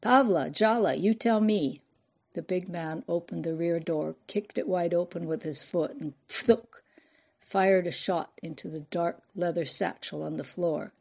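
A woman reading a novel aloud as an audiobook narrator, in a measured storytelling manner. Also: fairly low pitch, level tone, gravelly, darkish tone. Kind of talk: scripted narration.

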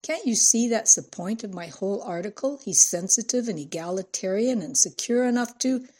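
A woman voicing a cheeky young woman who teases and mocks, in a husky, mellow voice. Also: medium pitch, lively intonation, normal speed. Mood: mocking. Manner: teasing, cheeky. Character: sassy young woman, mocking smart aleck.

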